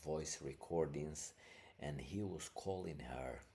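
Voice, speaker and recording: Male podcast host: low gravelly voice, slow, loose rambling commentary. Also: dark tone. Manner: rambling, loose, many fillers. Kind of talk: casual commentary.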